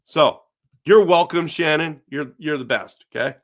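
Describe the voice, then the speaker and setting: A man's voice: fairly high pitch, measured pace, fairly bright tone. Chatty man hosting a hockey stream. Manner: reads viewer comments aloud and responds chattily. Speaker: live stream host. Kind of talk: casual live-stream chat.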